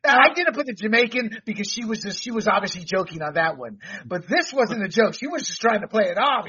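A man's voice: high voice, sing-song, brisk, hardly any pauses, pushed and bright, husky, lo-fi sound. A man hosting a casual talk show, rambling off topic and laughing often. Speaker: podcast host. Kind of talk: casual chat.

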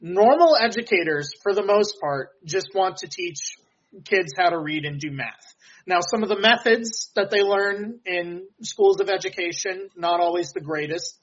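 A young man answering as a guest on a political talk show, explaining in a measured way. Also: high-pitched, fairly bright tone, highs cut off. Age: young adult. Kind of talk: interview answers.

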